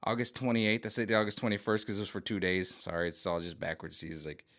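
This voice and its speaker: A man rambles through a casual monologue to camera. His voice sits somewhat low, but it jumps into loud, high outbursts and then drops to a near mutter. The talk is loose and slangy. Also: fast talker. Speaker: political vlogger.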